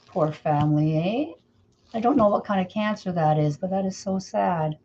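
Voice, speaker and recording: Her fairly low, mellow voice moves at a moderate pace as this middle-aged Canadian woman demonstrates wreath making live. Chatting as she goes, she greets viewers by name; the audio is slightly dull and lo-fi.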